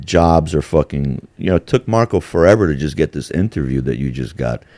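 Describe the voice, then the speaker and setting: A man's voice: rumbling low, a little fast, a little mellow, no room sound. A man hosting a casual podcast chat, swearing and joking and slipping into mocking impressions. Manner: profane, jokey, slips into mocking impressions. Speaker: podcast host.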